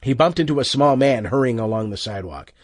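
A man narrating an audiobook with expressive, tense storytelling. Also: medium pitch, fast talker, no room sound, clean studio sound.

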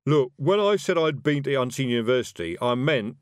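A man voicing a nervous, scruffy young male wizard who talks loud and hesitant in an audiobook. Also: mid-range voice, lively intonation, fairly quick, smooth, dry recording, studio quality, voice pushed up, lightly acted.

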